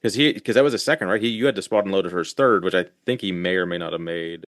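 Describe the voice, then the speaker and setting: A man's voice: deep voice, rapid-fire, a bit bright, no echo, studio quality. A man co-hosting a podcast in casual chat, blunt and heavily profane. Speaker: podcast co-host.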